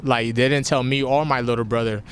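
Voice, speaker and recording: A young man answers questions right after a fight, talking frankly and at times with a catch in his voice. His voice sits in a middle pitch. A faint rumble runs under the recording. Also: fairly even intonation, fairly quick. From family from Nigeria. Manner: candid, emotional, gets choked up. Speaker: fighter interviewed after a win. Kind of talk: post-fight interview.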